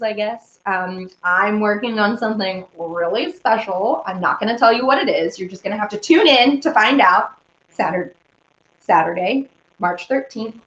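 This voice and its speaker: A woman's voice: medium pitch, fairly bright tone. A young woman chatting casually with viewers while she bakes, rambling and giggly. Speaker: live-stream baking host. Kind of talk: casual chat while baking. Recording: roomy, slightly dull sound.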